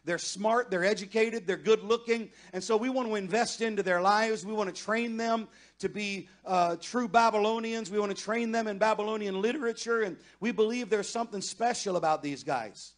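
Pastor type, high-pitched man, sermon delivery that climbs to fervent shouting. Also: moderate pace. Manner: builds from conversational to loud impassioned pleading. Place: church sanctuary.

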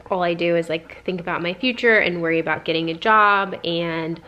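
A woman's voice: brisk, lo-fi sound. Chatty young woman vlogging at home. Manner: chatty, rambling with fillers; high sing-song voice when calling her dogs. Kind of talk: casual vlog chat.

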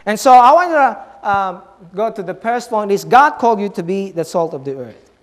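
High-voiced male pastor preaching emphatically. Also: animated, moderate pace, long reverb tail. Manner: emphatic preaching with repeated rhetorical questions; swings between loud stresses and soft, low asides. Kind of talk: sermon.

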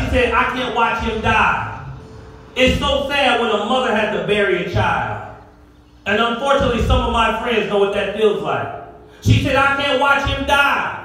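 A middle-aged male pastor preaching a sermon with call-and-response to his congregation, sometimes rising to shouts. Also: extremely high pitch. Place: church sanctuary. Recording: echoey hall, far from the mic.

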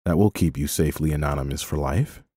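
A learned young king speaks calmly with a dry wit, as a male audiobook reader plays him. His voice sits low and warm. The sound is close and dry. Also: fast, slightly rough, dry recording. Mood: wry. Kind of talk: audiobook character voice.

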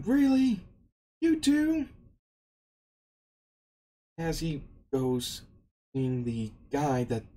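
A man's voice: medium pitch, mellow, poor audio. A man casually retelling an anime story, meandering along and restarting his sentences often. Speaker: anime recap narrator.

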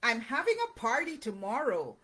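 A woman's voice: fairly high pitch, wildly swooping pitch, moderate pace, fairly bright tone, breathy edge, heavily acted. A woman reading the lines of a hopeful young male rabbit in a children's storybook, coaxing and secretive.

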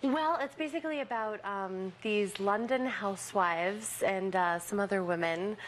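A woman's voice: mid-range voice, a little slow, rough recording. A woman actress, a guest on a morning show, gives brief answers in a put-on British accent. Her voice sits mid-range, with faint room noise around it. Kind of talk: casual interview.

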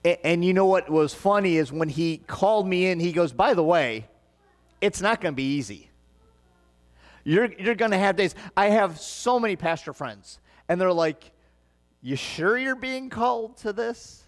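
Man, pastor, Midwestern accent, higher-pitched voice, earnest sermon, long church reverb. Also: animated, normal speed. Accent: Midwestern American. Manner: earnest, conversational preaching with rising emphatic passages. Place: church sanctuary.

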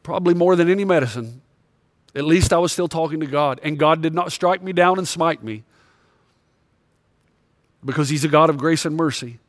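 A man's voice: on the high side, moderate pace, pauses often, no room sound. A male pastor preaching a sermon with impassioned, confessional storytelling.

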